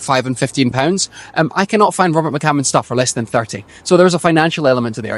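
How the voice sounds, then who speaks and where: Fast-talking enthusiastic man, tinny outdoor audio. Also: fairly high pitch, a bit bright, dry recording. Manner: chatty, enthusiastic, quick-talking. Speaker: book channel host. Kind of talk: casual book talk to camera.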